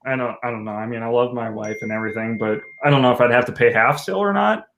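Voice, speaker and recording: A man telling a personal story on a casual podcast, joking and animated, acting out what people said. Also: mid-range voice, quick pace, slight background noise. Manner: animated, joking storyteller who acts out quotes.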